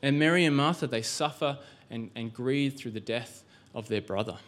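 Guy preaching a sermon in church, chatty and loose, lots of questions and false starts, middle pitch. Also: moderate pace, a bit bright. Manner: conversational, with frequent restarts and rhetorical questions. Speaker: pastor.

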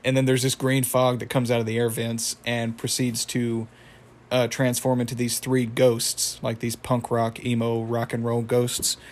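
A man's voice: medium pitch, monotone, a little slow, a little mellow. A young man casually recapping a cartoon episode, rambling and correcting himself, chuckling as he goes. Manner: rambling, self-correcting, chuckles, acts out quotes. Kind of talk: casual retelling with impressions.

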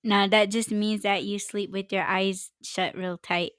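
Female podcast host: teasing, giggly, bright voice with a slow, lilting delivery. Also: medium pitch, level tone, clear, resonant tone, no room sound. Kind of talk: casual chat.

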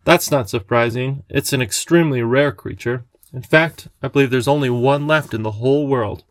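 A man voicing a cheerful, eccentric little old gentleman with a courtly, genial way of talking. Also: mid-range voice, normal speed, dry recording, lightly acted.

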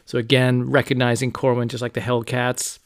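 A man hosting a podcast, casually retelling a novel and reading quotes aloud with lively asides. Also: medium pitch, fairly quick, dry recording, studio quality. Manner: animated, reads quotes aloud, casual fillers. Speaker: podcast host. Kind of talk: casual book discussion.

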